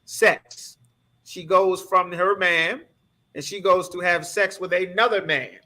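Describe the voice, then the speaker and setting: A man's voice: high voice, fairly even intonation, takes it slowly, bright, forceful tone. A man teaching a scripture class, preaching emphatically in a streetwise way and asking the class rhetorical questions. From United States.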